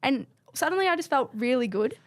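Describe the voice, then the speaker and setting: A woman co-hosting a podcast, chatting casually and telling stories in an animated way. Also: high-pitched, a little fast, no echo. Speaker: podcast co-host. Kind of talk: casual chat.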